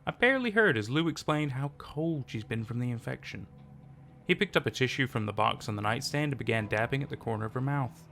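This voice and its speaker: A man narrating a first-person horror story in a steady, measured reading. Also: mid-range voice, vocal fry, a little hiss or hum.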